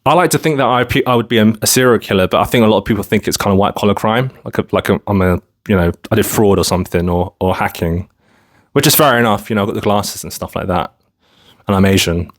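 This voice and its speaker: A man's voice: fairly low pitch, quick pace. A man from London talking casually to camera in a rambling vlog monologue, full of filler phrases. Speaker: vlogger.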